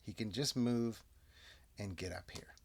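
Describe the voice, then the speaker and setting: A man narrates a solo tabletop game in a relaxed, unhurried way, thinking each move through aloud. His voice sits low and carries a gravelly fry. He often drops into quiet muttered asides to himself.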